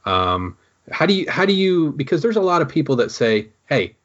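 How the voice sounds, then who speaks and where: A man asking interview questions in casual podcast chat. He is measured and hesitant, with frequent ums. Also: a little high, very animated, fairly bright tone. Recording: dull, lo-fi recording.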